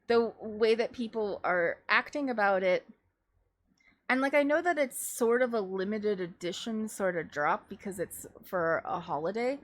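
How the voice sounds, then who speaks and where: A young woman hosts a casual livestream chat. She rambles from one thought to the next in an animated way and laughs often. Her voice sits at a middle pitch. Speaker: livestream host.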